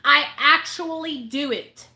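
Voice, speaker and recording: A woman's voice: high-pitched, slow, sharp tone. A woman vlogger who works as a recovery advocate, delivering an angry, profane rant straight to her viewers and hammering each point again and again. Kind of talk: heated rant to camera.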